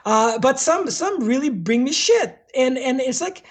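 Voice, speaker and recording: A woman's voice: sits high, lively intonation, measured pace, hardly any pauses, breathy edge. A woman with a French accent, a hardware developer being interviewed, talking bluntly and candidly in casual conversation. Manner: blunt and candid, swears freely.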